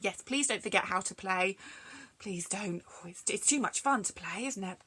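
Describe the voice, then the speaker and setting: A woman librarian reading rhyming stories aloud to children, expressive and chatty between verses. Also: mid-range voice, moderate pace, breathy edge. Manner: expressive, sing-song, chatty asides.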